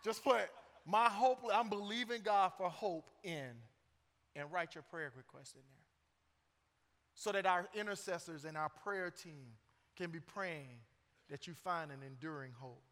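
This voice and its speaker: A man's voice: a little high, measured pace, long pauses, a bit bright. A middle-aged man preaching a sermon as pastor, joking and conversational between emphatic points. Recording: long church reverb.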